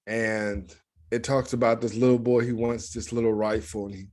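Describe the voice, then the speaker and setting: A man's voice: medium pitch, normal speed. An American man co-hosting a podcast, chatting casually and acting out movie scenes with lots of laughter. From United States. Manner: animated, laughs a lot, acts out movie scenes. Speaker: podcast co-host. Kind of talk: casual chat.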